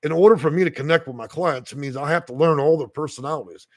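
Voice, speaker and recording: A gravelly-voiced man rants angrily on a livestream, profane and worked up, laughing now and then as he reads the chat. His voice sits a little high for a man, and the recording is close and dry in a small room. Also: fast, dry recording. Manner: heated, profane, street talk with laughs. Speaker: housing consultant, livestream host. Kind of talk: angry livestream rant reading chat.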